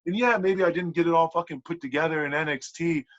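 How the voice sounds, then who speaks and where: A man on a podcast telling a wrestling story in casual, animated talk, swearing a lot and filling with "like". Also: fairly high pitch, fast talker. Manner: animated, profane, lots of "like" fillers. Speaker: podcast guest, pro wrestler. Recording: dull lo-fi podcast audio.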